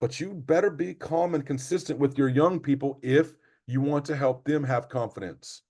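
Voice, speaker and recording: Middle-aged male coach, mid-pitch voice, emphatic and repetitive motivational delivery. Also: normal speed, mellow. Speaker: basketball coach. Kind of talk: parent training presentation.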